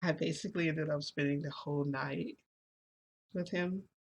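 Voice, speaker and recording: A woman's voice: low-pitched, fairly even intonation, moderate pace, creaky. A woman vlogger telling a personal story in casual chat, rambling with lots of fillers and restarts.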